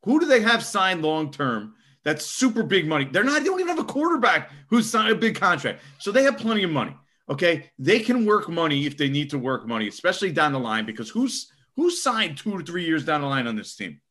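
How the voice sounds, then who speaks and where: A young man giving casual sports podcast analysis, emphatic and animated, often tacking on "okay?". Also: on the high side, brisk, few pauses. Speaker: co-host.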